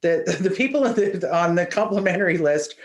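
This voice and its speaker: A man's voice: high-pitched, lively intonation, fairly quick. A man on a podcast casually explaining plans, with many ums and restarts. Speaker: podcast co-host.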